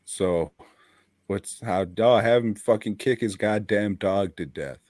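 Slow-talking, deep-voiced podcast host. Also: male voice, a little mellow, no echo. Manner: profane, blunt, laughs often. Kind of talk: casual podcast chat.

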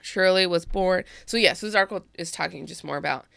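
A woman's voice: on the low side, fast talker, gravelly, a bit bright, no room sound. A woman hosting a casual chat, reading an article aloud and often breaking off to joke and ramble. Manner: rambling, self-interrupting, giggly. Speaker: podcast host.

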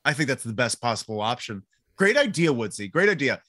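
A man's voice: medium pitch, sing-song, a little fast, fairly bright tone, no room sound, studio quality. A man co-hosting a casual show, reading live chat comments and joking around with many fillers. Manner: rambling, joking, lots of fillers. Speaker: podcast co-host.

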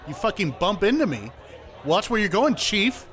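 A man's voice: sits high, big pitch swings, normal speed, a bit bright. A man voicing a hot-headed tough guy who picks a fight in a bar. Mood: aggressive.

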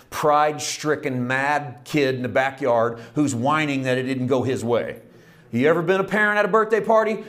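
A middle-aged man preaching a sermon, telling a parable with lively storytelling and acting out its characters. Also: fairly high pitch. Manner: animated storytelling, acting out characters, rising to shouts. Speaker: pastor.

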